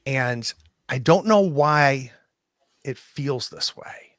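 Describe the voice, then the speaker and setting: A man runs a tabletop horror game, taking his time and stopping often to restart his thoughts. His pitch sits at a middling level, and his speech is slow and unhurried. The sound is dry and close, with no room around it. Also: expressive, fairly bright tone, dry recording. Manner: slow, hesitant, many ums and restarts. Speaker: game master.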